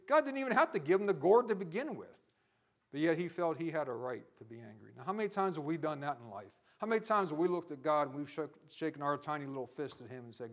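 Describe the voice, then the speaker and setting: Middle-aged male preacher, somewhat high-pitched, impassioned sermon delivery that swells to near-shouts.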